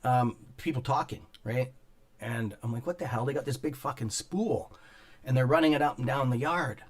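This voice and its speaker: Speaking at a medium pitch and ordinary pace, this man hosts a laid-back stock market stream from a home studio on an upper floor. His talk wanders and is full of profanity as he welcomes viewers by name, and he keeps coughing and clearing his throat.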